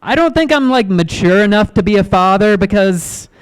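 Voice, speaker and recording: A man in his thirties doing a stand-up comedy set in a club, awkward and self-deprecating, halting with ums and restarts. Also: sits high, lively intonation, smooth, poor audio. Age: 30s.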